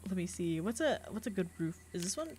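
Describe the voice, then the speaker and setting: Against a noisy background, a young adult woman streams a game as a VTuber, speaking quickly in a fairly low, animated voice. She keeps the live-stream chat casual and laughs a lot while reading messages.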